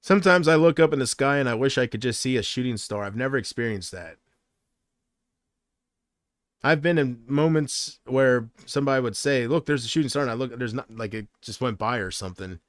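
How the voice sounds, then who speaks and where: A man's voice: mid-range voice, animated, a little fast, dry recording, clean studio sound. A man on a casual livestream, rambling and unsure, drifting between thoughts while he answers viewer comments. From United States.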